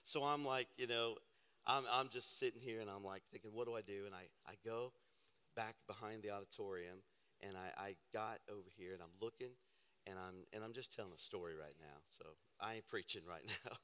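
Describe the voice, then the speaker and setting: A low-voiced man preaches in a church auditorium, his bright, resonant voice carried by long hall reverb. He tells a personal story with lively, self-deprecating humor before he turns to scripture. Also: brisk, clean tone. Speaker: pastor.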